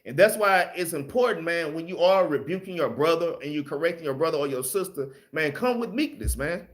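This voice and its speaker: A man's voice: fairly high pitch, expressive, brisk. A man teaching a casual Bible study, plain-spoken and loose, often ending his phrases with "man" and letting slip some mild swearing.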